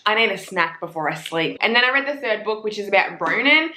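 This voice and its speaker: A woman's voice: mid-range voice, fast talker, few pauses, roomy sound. A young Australian woman with an Australian accent, gushing and swearing in a casual book review vlog. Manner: gushing, profane, excitable.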